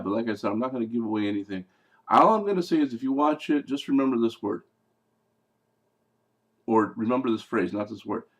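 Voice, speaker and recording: A man giving a casual, rambling movie review in a blunt, profane way, full of fillers and restarts. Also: medium pitch.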